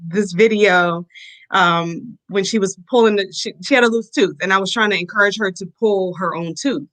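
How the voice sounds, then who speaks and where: A woman's voice: on the low side, a bit bright, rough recording. A woman speaking as a mother and guest on an interview show. She talks earnestly and a little rambling, dropping "you know" again and again. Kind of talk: casual interview.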